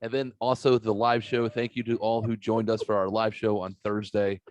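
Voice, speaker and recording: Low-voiced swearing podcast host. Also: male voice, flat delivery, moderate pace, darkish tone. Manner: profane, self-mocking, rambling storyteller. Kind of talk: casual podcast banter.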